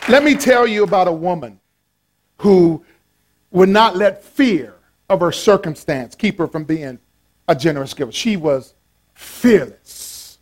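High-voiced, lively man preaching. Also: a little slow. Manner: animated, playful preaching with call-and-response. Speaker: pastor. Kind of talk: sermon.

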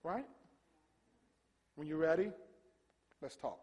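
Black preacher guy, high voice, gets loud and dramatic, long church reverb. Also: slow pace, breathy edge, muffled recording. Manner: animated preaching, acts out voices, shouts at peaks. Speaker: pastor. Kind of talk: sermon. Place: church sanctuary.

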